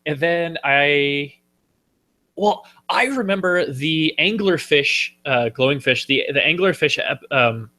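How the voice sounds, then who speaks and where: A man hosting a casual podcast chat, playful and animated, slipping into quick silly voices from films. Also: on the high side. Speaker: podcast host.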